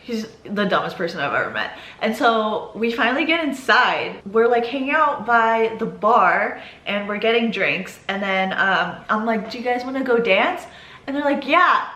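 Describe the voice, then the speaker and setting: A woman in her twenties telling a story in a vlog, animated and casual, swearing freely. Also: mid-range voice, moderate pace, hardly any pauses. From United States. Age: 20s. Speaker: vlogger. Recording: roomy echo.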